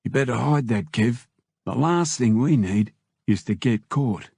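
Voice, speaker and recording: A man voicing a calm, stubborn, beaten-up male prisoner leader, with a dark husky voice. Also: mid-range voice, a little slow, dry recording, clean studio sound, full character voice. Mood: stoic. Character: battered male prisoner gang leader, stoic.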